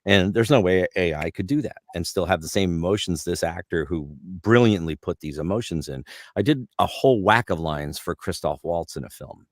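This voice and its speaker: Low-voiced middle-aged voice actor, dry close mic, animated anecdotes. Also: male voice, moderate pace, no room sound. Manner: lively storyteller, repeats words when starting. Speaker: voice actor guest. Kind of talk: casual interview chat.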